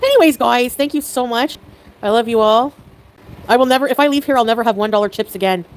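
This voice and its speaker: A woman chatting casually on a livestream, excitable and giggly, with quick swings in mood. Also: a little high, low-quality recording.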